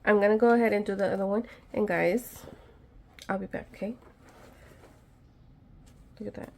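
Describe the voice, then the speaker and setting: A woman's voice: medium pitch, steady tone, normal speed, creaky, darkish tone, a little hiss or hum. A woman talking casually to her viewers while doing a craft repair at home, chatty and a little nervous, joking about her own methods. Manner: chatty, nervous, self-deprecating, talks to viewers while working. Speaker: craft vlogger. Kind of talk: casual DIY tutorial chat.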